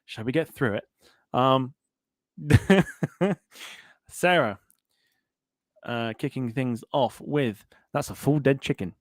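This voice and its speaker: A man's voice: medium pitch, slow, long pauses, no echo, studio quality. A man hosting a casual aviation podcast, reading out live chat comments in a jokey way and laughing often. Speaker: podcast host.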